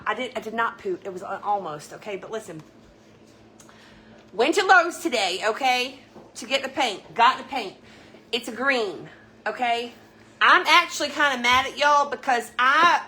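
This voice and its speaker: Middle-aged woman, live-stream host, warm and chatty, slightly high voice, faint background noise. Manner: chatty, laughing, greeting viewers by name. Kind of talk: casual live-stream chat. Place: home kitchen at night.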